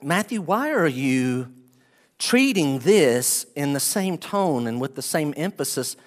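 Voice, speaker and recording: A man preaching a sermon as pastor, animated, swinging between loud outbursts and quiet asides. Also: on the high side, slow pace.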